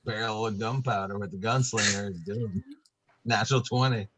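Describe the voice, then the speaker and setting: A man playing in a tabletop game over an online call, asking quick rules questions and chatting casually. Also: lowish voice, fairly even intonation, a bit bright, slight background noise. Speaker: player.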